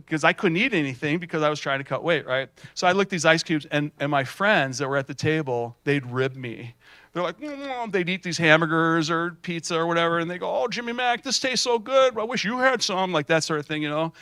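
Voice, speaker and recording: A middle-aged man giving a folksy, animated keynote at a student showcase, telling stories with many fillers and restarts. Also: on the high side, a little fast, no room sound, studio quality. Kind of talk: storytelling keynote speech.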